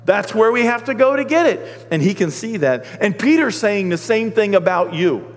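Man, high-pitched, conversational preacher, storytelling, keeps checking in with listeners, echoing hall. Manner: storytelling, often checks in with the congregation. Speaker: pastor. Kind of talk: conversational sermon. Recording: long hall reverb.

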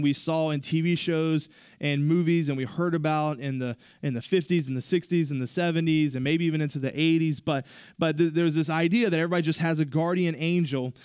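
A man preaching a sermon, retelling a scripture story in a casual, animated way with fillers and asides to the congregation. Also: fairly high pitch, smooth, no echo, studio quality. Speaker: pastor.

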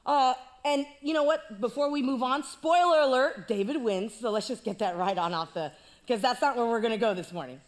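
A woman's voice: fairly high pitch, fairly quick. A woman preaching a sermon, telling the story playfully with jokes and asides.

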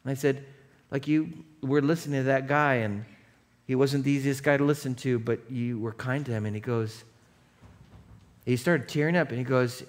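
A man's voice: mid-range voice, steady tone, normal speed. A man in his thirties, a pastor giving a conversational, storytelling sermon that builds into impassioned preaching.

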